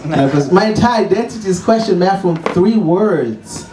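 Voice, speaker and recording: A man's voice: high-pitched, expressive, moderate pace, a crowd in the background. A man from Zimbabwe with a Zimbabwean accent, doing a wry, self-mocking stand-up set and chuckling at his own jokes. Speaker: stand-up comedian. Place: small comedy open mic venue. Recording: echoey room, distant mic.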